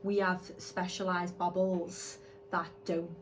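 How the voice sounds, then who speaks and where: A woman, co-hosting a podcast and telling stories excitedly in casual chat. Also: fairly low pitch, takes it slowly, slight background noise. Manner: excitable, animated storytelling. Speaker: podcast co-host, hair extensionist.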